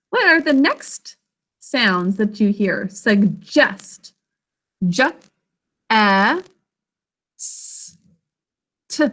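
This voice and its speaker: A woman's voice: high-pitched, bright, forceful tone. A woman teaching an online literacy lesson over a video call, carefully sounding out words and encouraging her students.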